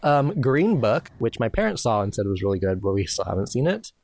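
A man's voice: on the low side, very animated, brisk, darkish tone, dry recording. A man co-hosting a podcast in casual chat, hesitant with many fillers and a wry, teasing manner. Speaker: podcast co-host.

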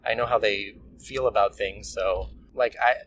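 A man's voice: fairly low pitch, steady tone, normal speed, a bit bright, slight background noise, rough recording. A young man co-hosting a podcast, teasing and enthusiastic, with lots of fillers. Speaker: podcast co-host. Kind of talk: casual chat.

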